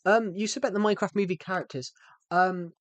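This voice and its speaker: A man's voice: high-pitched, steady tone, quick pace, no room sound. A man in his twenties with a British accent, rambling and chatty as he answers viewer comments during a game stream. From United Kingdom. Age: 20s. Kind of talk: live-stream chat while gaming. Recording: background music under the voice.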